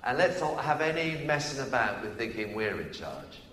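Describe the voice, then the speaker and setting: A man preaches a sermon with a lively, swinging delivery, his voice rising on declarations and dropping into quick asides. His pitch sits in a middle register. The recording carries the long reverb of a roomy church hall. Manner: animated, emphatic, swings between loud declarations and quick asides.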